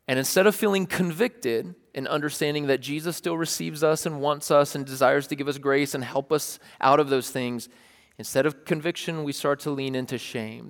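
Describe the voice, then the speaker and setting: Pastor, male, a bit high-pitched, animated storyteller in a sermon, big reverberant church hall. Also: moderate pace. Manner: animated, plays out scenes with sudden shouts. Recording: long reverb of a large hall.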